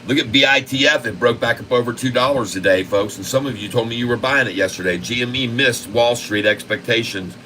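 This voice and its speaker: A man hosting a stock market livestream, giving casual, excited commentary and talking to his viewers as folks. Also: medium pitch, a little fast, few pauses, slight background noise, rough recording.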